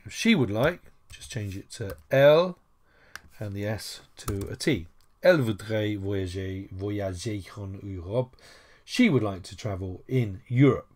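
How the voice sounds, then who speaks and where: A man explains a lesson at an unhurried pace, pausing often over fillers. His voice sits low, and he slips in playful, mock-formal asides as he goes. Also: a little mellow. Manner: chatty, jokey asides, frequent "uh" and "so". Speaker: language teacher. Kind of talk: screen-recorded language lesson.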